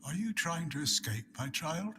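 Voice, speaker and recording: A serene, devout prisoner. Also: male voice, fairly high pitch, big pitch swings, normal speed, sharp tone, slight background noise. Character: serene devout male prisoner, calmly accepting. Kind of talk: video game voice acting.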